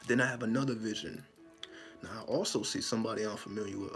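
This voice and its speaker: Gravelly guy recounting a wild dream, swearing a lot, faint music underneath. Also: mid-range voice, fairly quick. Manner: animated, profane, acts out his own panicked lines. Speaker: spiritual storyteller. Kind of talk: casual dream storytelling monologue.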